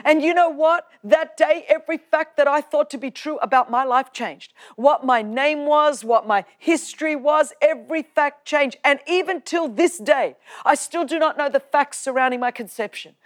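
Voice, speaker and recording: Australian woman, preacher, lively storytelling, acted-out quotes, humorous testimony. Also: high-pitched, moderate pace. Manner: animated storytelling, acting out quoted lines with humor. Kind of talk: personal testimony talk.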